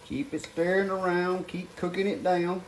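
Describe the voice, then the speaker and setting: A man's voice: high-pitched, fairly even intonation, moderate pace, slight background noise. An older man, chatting folksily to viewers as he cooks at home. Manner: folksy, talks to viewers as "guys" while working. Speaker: home cook. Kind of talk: casual cooking demonstration. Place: home kitchen. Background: faint sizzling and clatter of pots.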